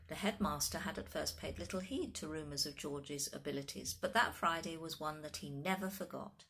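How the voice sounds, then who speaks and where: A woman reading a children's story aloud in an expressive, animated storytelling manner. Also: sits low.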